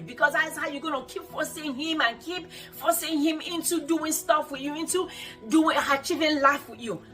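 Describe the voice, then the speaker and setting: A woman's voice: sits high, bright, forceful tone. A woman hosting a motivational show, talking earnestly to women viewers and repeating phrases for emphasis. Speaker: host of a self-help show.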